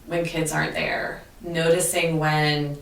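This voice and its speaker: A woman teacher telling classroom stories in an earnest, animated way during an interview. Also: sits low, takes it slowly, vocal fry. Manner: earnest, animated storytelling with restarts. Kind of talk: conversational interview. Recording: echoey room, distant mic.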